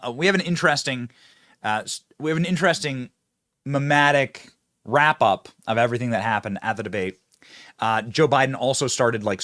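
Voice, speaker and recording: A man rattles through political commentary with a sneering, sarcastic edge and a lively, swinging voice. He is recorded dry and close in a studio. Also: mid-range voice, no echo. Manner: mocking, sarcastic, laughs at own jabs. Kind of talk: fast opinionated political commentary. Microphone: close studio mic with earpiece.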